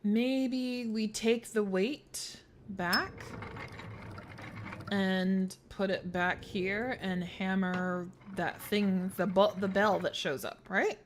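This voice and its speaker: A woman's voice: mid-range voice, fairly even intonation, extremely slow, slight background noise. A woman streamer giving let's play commentary, thinking aloud through puzzles, swearing freely and joking around. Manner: playful, jokes between puzzles.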